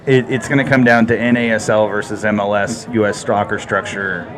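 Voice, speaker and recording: A man's voice: fairly low pitch, flat delivery, fairly quick, a crowd in the background. A man co-hosting a casual sports chat, blunt and sarcastic. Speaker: podcast co-host.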